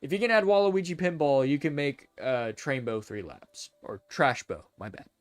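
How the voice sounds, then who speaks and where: Speaking at a moderate pace with a voice on the high side, a man delivers rambling, stuttering live-stream commentary, often correcting himself midway. He sounds excitable and chatty in a dry recording.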